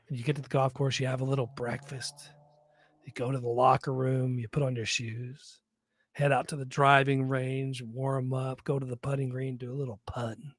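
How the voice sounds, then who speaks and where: A man's voice: medium pitch, dry recording. A man co-hosting a live podcast, chatting casually and joking with plenty of swearing. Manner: profane, rambling, joking. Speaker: podcast co-host.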